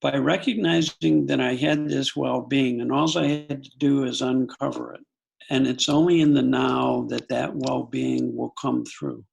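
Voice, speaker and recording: An older man from the United States, a psychologist and podcast guest, telling a personal story in a calm, earnest way with frequent self-corrections. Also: mid-range voice, a little slow, creaky, rough recording. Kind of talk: reflective storytelling in an interview.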